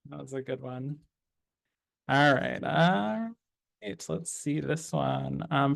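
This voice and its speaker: A man's voice: on the high side, slow, creaky, long pauses, fairly bright tone. A man hosting a storytelling event, reading audience submissions aloud and chatting casually between them. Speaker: host.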